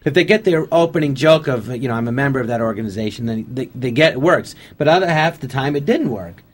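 A middle-aged man recounts career anecdotes in a relaxed, conversational way. His voice sits at an ordinary middle pitch. He often slips into the voices of the people in his stories. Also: fast. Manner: animated anecdotes acting out quotes. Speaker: interview guest. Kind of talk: casual storytelling.

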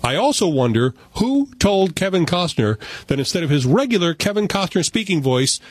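A man talking about films with sarcasm and big swings in his voice. He sits a little high in pitch. His tone is slightly husky. The sound is dry and close. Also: normal speed, dry recording. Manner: animated, sarcastic, jumps into voices. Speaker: film critic. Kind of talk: casual radio chat.

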